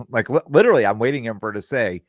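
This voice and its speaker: A man's voice: medium pitch, lively intonation, fast talker, no echo, clean studio sound. A man hosting a podcast, telling a casual story with restarts and acted-out bits of dialogue. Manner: rambling, with restarts and reenacted dialogue. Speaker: podcast host.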